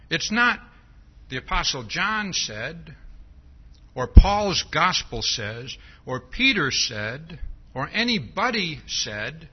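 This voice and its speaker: Man, pastor, sermon, conversational teaching, fairly high voice, husky, dull lo-fi recording. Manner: conversational, keeps asking "See?". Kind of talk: expository sermon.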